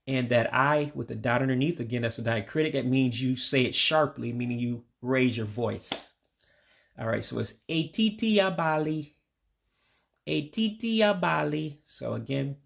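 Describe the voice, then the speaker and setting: Gravelly man teaching vocabulary slowly. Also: medium pitch. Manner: patient, repeats words slowly and drops his voice on the English meaning. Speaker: language learner teaching vocabulary. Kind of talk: casual spoken language lesson.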